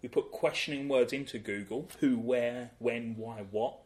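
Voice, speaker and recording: A man's voice: mid-range voice, moderate pace, darkish tone. Self-deprecating man cohosting a chat show. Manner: self-deprecating, laughs through his stories. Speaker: podcast co-host. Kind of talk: casual comedic chat.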